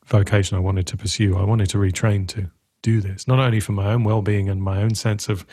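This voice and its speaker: A man's voice: on the low side, little pitch movement, brisk, warm tone, husky. A man who works as a coach, telling a story in a thoughtful, curious, conversational way.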